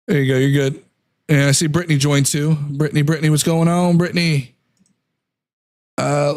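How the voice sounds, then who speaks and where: A man's voice: a little high, creaky. A young adult man hosting a political live stream, reading corporate statements aloud and tearing into them while losing his voice to a cold. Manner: reads statements aloud, then rants against them. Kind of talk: casual live-stream commentary.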